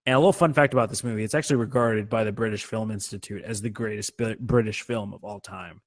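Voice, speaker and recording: A man's voice: lowish voice, fairly even intonation, fast. A man co-hosting a podcast in casual movie chat, loose and profane. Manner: loose, profane, laughs easily. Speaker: podcast co-host.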